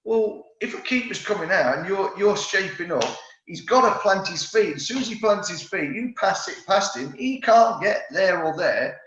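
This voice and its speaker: A man's voice: sits high, moderate pace. A man in his fifties, a former footballer, telling rambling stories with restarts in a casual interview. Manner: lively storyteller, rambling with restarts. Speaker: former footballer, podcast guest. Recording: roomy, slightly dull recording.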